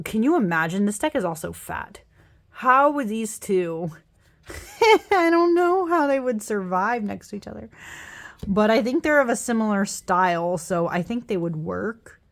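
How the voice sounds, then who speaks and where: A young woman talks casually over her card decks, tired after a workday. She rambles and apologizes often, and her voice sits at an ordinary middle pitch. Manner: chatty, apologetic, rambling with frequent laughs. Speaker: tarot deck reviewer. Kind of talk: casual deck flip-through.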